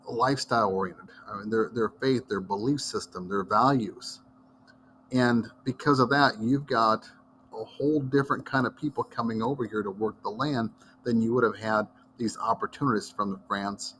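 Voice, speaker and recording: Here a middle-aged history teacher from Iowa, United States, rambles through a casual lesson in a folksy, story-driven way. His mid-range voice has a fairly bright tone, and there's slight noise in the background.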